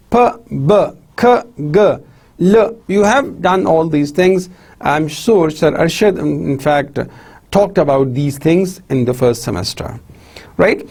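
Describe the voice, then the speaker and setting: A man's voice: sits high, darkish tone, slightly rough. A male lecturer with a Pakistani English accent, drilling example words for students and checking in with "right?" after each set. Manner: addresses listeners as "my dear students". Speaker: university lecturer. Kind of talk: recorded lecture on pronunciation.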